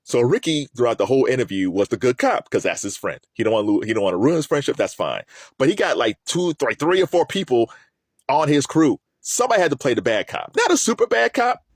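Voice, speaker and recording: A man giving casual spoken commentary in an animated way, often repeating words as he thinks aloud. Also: medium pitch, fast, no echo.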